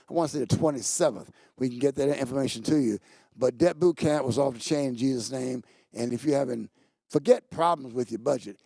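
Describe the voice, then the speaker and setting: A man's voice: creaky, no room sound. A man hosting a church talk show, giving casual announcements in a playful way and joking with the studio crew. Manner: playful, jokes with the crew, animated pitch jumps. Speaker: pastor and show host. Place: studio set.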